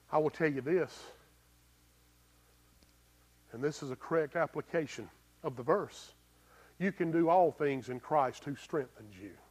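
A man preaching with a slightly raised pitch, his delivery swinging from loud, emphatic bursts down to hushed, low lines. He talks plainly and folksily, throwing rhetorical questions at his listeners. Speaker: pastor. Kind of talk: sermon.

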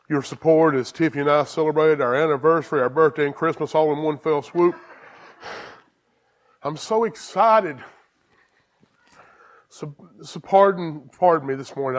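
A man preaching a sermon as pastor, excited and emphatic, repeating and restarting phrases. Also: on the high side.

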